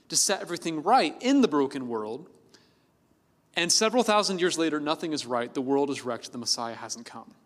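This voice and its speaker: A male pastor delivers a sermon in a chatty, playful style, using lots of fillers. His voice is slightly high and fairly bright, and the big hall around him adds a long reverb.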